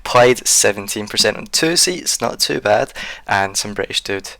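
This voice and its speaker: Bright, chatty male election presenter. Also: fairly low pitch, expressive, moderate pace, vocal fry, no echo. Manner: chatty, laughing asides while reading results. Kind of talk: casual mock election coverage.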